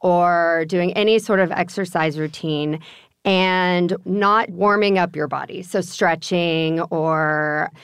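Smooth-voiced woman explaining vocal technique. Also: fairly low pitch, steady tone, takes it slowly, no echo, studio quality. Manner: patient, instructive. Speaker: podcast guest, actor and singer.

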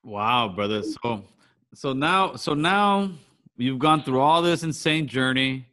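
A man's voice: medium pitch, animated, takes it slowly, sharp tone. A man hosting an interview who talks in a laid-back, slangy way and mostly gives short replies. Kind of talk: casual interview.

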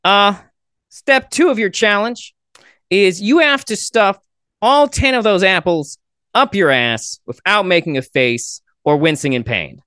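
A man's voice: high voice, expressive, unhurried, sharp tone, clear, resonant tone, no echo, studio quality, full character voice. A man voicing a cannibal king in a told joke, giving orders in a casual, matter-of-fact way. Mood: bossy.

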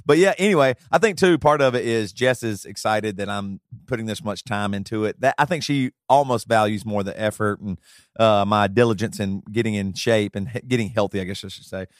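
A man's voice: lowish voice, dry recording, studio quality. A man co-hosting a podcast, teasing the others in casual chat. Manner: teasing, quick back-and-forth with laughs. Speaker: podcast co-host.

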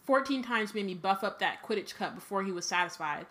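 A woman voicing a tired, grumbling schoolboy wizard who groans out his words quietly. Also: mid-range voice, lively intonation, brisk. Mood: weary. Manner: groaning, weary.

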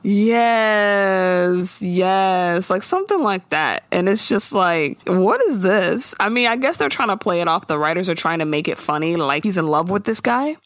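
A woman hosting a casual podcast, recapping a TV episode in an animated way, swearing freely and slipping into quoted voices. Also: mid-range voice, measured pace, few pauses, dry recording. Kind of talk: casual chat.

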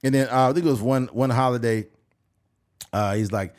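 A man's voice: mid-range voice, fairly even intonation, moderate pace, darkish tone. Profane man telling stories. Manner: profane, storytelling. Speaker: podcast host. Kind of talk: casual chat.

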